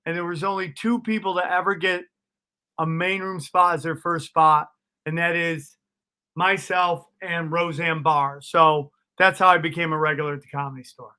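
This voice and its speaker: Bright, high-voiced male comedian telling stories. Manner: animated, profane, laughs at his own stories. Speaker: comedian guest. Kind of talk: casual storytelling interview.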